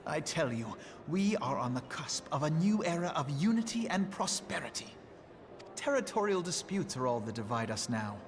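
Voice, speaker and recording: An actor playing a formal, loyal male military leader in a video game, speaking in measured tones. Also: a little high, very animated, slight background noise. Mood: assured. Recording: game audio over music.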